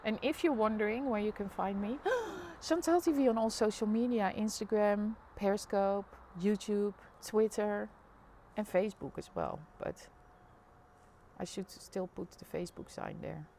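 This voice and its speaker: A woman's voice: medium pitch, a little slow, warm tone, slight background noise. A woman with a Dutch accent chatting casually on a live stream, narrating the street below her apartment window. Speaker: live vlogger.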